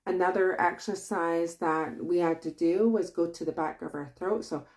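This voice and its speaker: A woman with a thick Kwak̓wala-influenced English accent, teaching in a casual vlog, unhurried and loose with plenty of fillers. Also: on the low side, steady tone, darkish tone. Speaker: language teacher.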